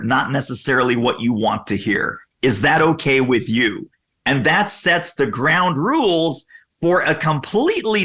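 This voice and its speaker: A man guest on a podcast interview, explaining sales methods energetically and acting out quoted questions in lively voices. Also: mid-range voice.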